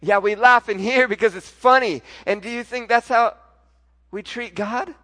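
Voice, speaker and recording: High-voiced pastor preaching with swings. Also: male voice, moderate pace. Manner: storytelling, swings from soft and intimate to loud and emphatic. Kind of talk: sermon.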